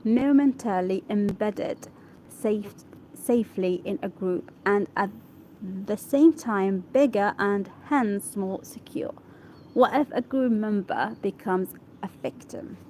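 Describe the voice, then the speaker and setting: A woman whose first language is Arabic reads an English article aloud for practice, halting and correcting herself as she checks how words are pronounced. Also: medium pitch, warm tone, a little hiss or hum, low-quality recording. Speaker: English learner.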